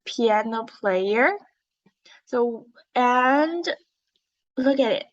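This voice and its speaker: Slow, patient woman teaching reading. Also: a little high, animated, dull audio. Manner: slow, patient, encouraging, modelling expression. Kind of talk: online English reading lesson for young learners.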